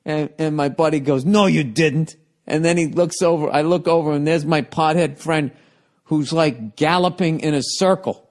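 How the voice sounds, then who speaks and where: A man telling a comic story on a talk show, profane and animated, swinging between loud bursts and quiet asides. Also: a little high, moderate pace. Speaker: comedian guest. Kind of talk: comedic storytelling.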